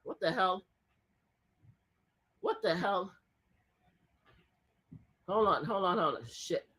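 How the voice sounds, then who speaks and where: A woman hosting a livestream, talking loudly and repeating her demands in a heated argument. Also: medium pitch, slow pace. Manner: loud, repeats pleading commands. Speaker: livestream host.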